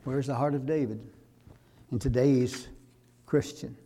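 A pastor, preaching a sermon that rises to loud, fervent exhortation. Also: male voice, mid-range voice, fairly even intonation, measured pace.

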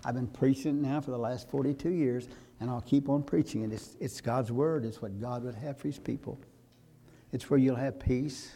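A pastor, preaching a sermon that rises to loud, fervent exhortation. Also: male voice, mid-range voice, normal speed, slightly rough.

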